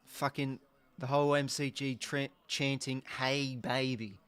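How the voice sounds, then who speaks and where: An Australian man hosting a live football watch-along, talking as an excitable, sweary fan who reacts to each play. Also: mid-range voice, a little slow, smooth. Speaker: host.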